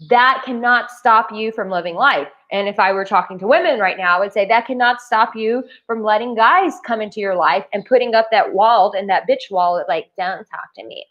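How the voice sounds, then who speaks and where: A woman's voice: medium pitch, lo-fi sound. A woman dating coach giving casual, emphatic advice to camera, full of "like" fillers. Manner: chatty, emphatic, with many "like" fillers. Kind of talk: casual talking-head advice. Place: Bali.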